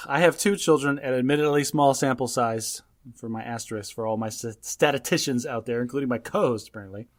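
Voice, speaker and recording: A man in his thirties co-hosts a casual podcast, his voice sitting at an ordinary middle pitch. He tells stories in an emphatic, lecturing way, pressing his points home. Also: fairly quick, hardly any pauses. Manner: emphatic, lecturing when recounting parenting. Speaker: podcast co-host.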